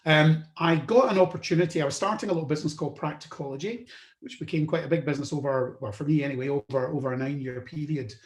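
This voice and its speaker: Man, from the UK, podcast host, slightly high voice, chatty with fillers, echoey room. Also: fast. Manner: conversational, with frequent "um" and restarts. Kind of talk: solo career storytelling. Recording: roomy echo.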